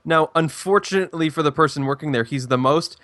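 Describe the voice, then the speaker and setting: A man's voice: on the high side, fast talker, a bit bright, no room sound. A young man, telling a story in casual chat with restarts and rambling. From Canada. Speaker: stream co-host.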